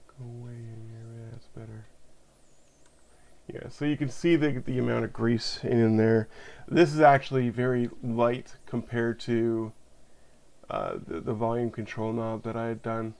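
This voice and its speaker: A man's voice: medium pitch, level tone, moderate pace, vocal fry, darkish tone, clean tone. A man casually talking through a hands-on electronics repair, thinking aloud as he works at his bench. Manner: chatty, thinks aloud while working. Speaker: repair video host.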